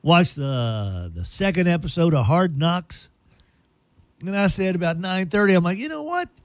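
A man hosting a radio show tells a long, funny story, playful and animated, slipping into silly put-on voices. His voice is a little high and unhurried, and the recording is dry.

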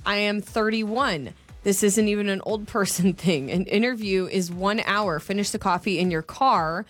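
A woman's voice: medium pitch, normal speed, a bit bright, soft background music. A woman co-hosting a chat show, reading listener comments and giving blunt opinions. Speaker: radio co-host.

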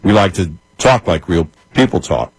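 A man's voice: low voice, expressive, moderate pace, slightly rough, no echo. A man co-hosting a late-night talk radio show, chatting casually and agreeably with his partner. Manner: agreeable, backchanneling, conversational. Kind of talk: casual on-air chat.

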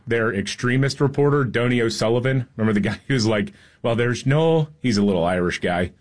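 A man's voice: lowish voice, quick pace. A man co-hosting a talk show, speaking emphatically and with strong opinions in casual chat. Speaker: co-host.

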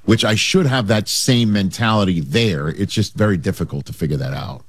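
A man hosting a sports talk radio show, easygoing and quick to laugh at himself. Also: low voice, husky, dry recording, studio quality.

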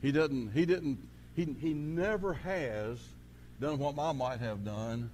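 A man preaching a sermon, telling folksy stories and swinging from quiet asides to loud preaching. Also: medium pitch, slow pace, slight background noise. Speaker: pastor.

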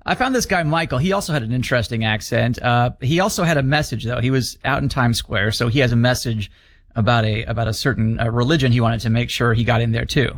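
A man's voice: mid-range voice, fast, dry recording. A man co-hosting a casual chat, introducing clips with wry humor. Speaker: co-host.

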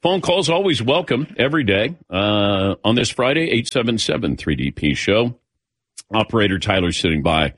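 A man hosting morning sports radio, with a bouncy voice that rises and falls a lot. His tone is a little husky, and the sound is dry and close on a studio mic. He jokes around between reads and plugs. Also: lowish voice, no echo. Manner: wisecracking, lively, quick asides. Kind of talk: casual morning radio chat. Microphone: studio microphone.

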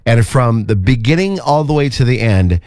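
A man's voice: mid-range voice, lively intonation, normal speed, a little mellow, no echo, studio quality. A man hosting a radio show, talking in an upbeat, earnest, rambling way. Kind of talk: casual morning-show chat.

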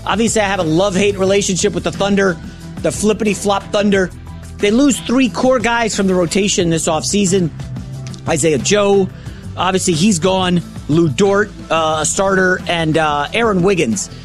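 Middle-aged guy hosting sports radio, hyped and rambly, keeps correcting himself, faint music behind. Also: high voice. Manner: excitable, rambling, quick self-corrections. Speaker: fill-in sports radio host. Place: radio studio.

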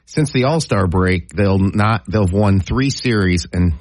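A man's voice: low-pitched, measured pace, a little mellow, no echo. A man co-hosting a sports radio show, making direct points and asking pointed questions. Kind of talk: casual sports talk.

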